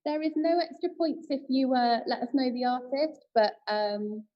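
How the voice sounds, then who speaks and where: A woman's voice: sits high, moderate pace, dull audio. A woman co-hosting a livestream music quiz, friendly and giggly, with plenty of fillers. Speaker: quiz co-host.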